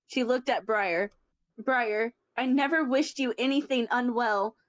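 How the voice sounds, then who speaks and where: A woman voicing a fierce, grieving mother cat in a roleplay, firm and steady. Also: fairly high pitch, measured pace, dry recording, natural voice. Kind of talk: voice-acted roleplay.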